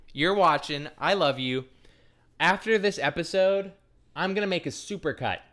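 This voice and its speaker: A man's voice: mid-range voice, pushed and bright, clean tone. A man hosting a live stream, chatting casually and jokily with his viewers in a scattered, playful way, talking straight to the chat. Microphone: desk microphone.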